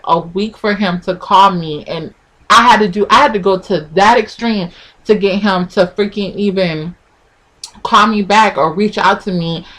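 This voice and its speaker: A young woman talking straight to camera in a casual storytime vlog, animated and full of "like" fillers, jumping up in pitch when she acts out what people said. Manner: animated, frequent "like" fillers, acting out quoted lines with pitch jumps. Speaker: vlogger.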